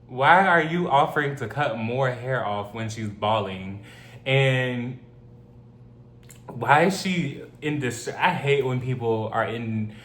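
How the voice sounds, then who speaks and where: A man's voice: mid-range voice, a bit bright. A man reading a story aloud and reacting to it in casual commentary, blunt and opinionated with joking asides. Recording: roomy echo, faint hum.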